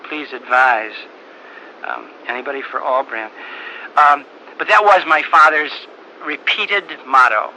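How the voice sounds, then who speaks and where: An older man, a priest, telling a personal story in a halting, earnest way with frequent repeated words. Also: fairly high pitch, expressive, bright, forceful tone, poor audio. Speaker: priest giving a talk. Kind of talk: storytelling talk. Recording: old tape recording with faint hiss.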